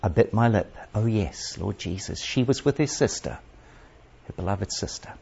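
A man preaching a sermon with dramatic storytelling that swings between loud passages and hushed asides. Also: lowish voice, lively intonation, normal speed, creaky, husky, highs cut off.

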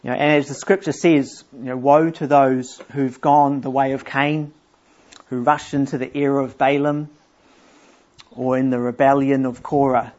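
A middle-aged man preaching a sermon, explaining scripture earnestly and reading verses aloud slowly. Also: medium pitch, flat delivery, darkish tone. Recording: dull lo-fi church recording.

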